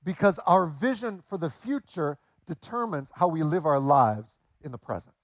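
A man in his late forties preaching a sermon in a relaxed, conversational way, telling jokes along the way. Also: a little high, normal speed, no echo, clean studio sound. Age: 40s. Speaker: pastor.

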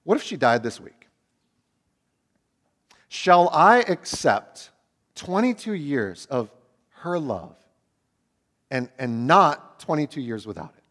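A man in his thirties preaching a sermon as a pastor, swinging from loud emphatic peaks to hushed low asides. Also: big pitch swings, slow, pauses often.

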